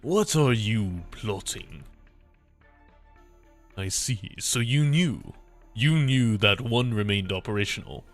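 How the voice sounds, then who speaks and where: A man voicing a stern, menacing male inquisitor in a deep gravelly put-on voice while reading a game story aloud with voices. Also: animated, slow pace, long pauses, faint music behind. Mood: accusing.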